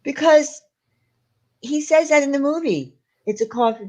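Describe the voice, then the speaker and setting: A woman's voice: high voice, measured pace, a little mellow. Chatty playful woman on a livestream. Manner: chatty and playful, laughs easily. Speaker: livestream co-host. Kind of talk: casual livestream chat.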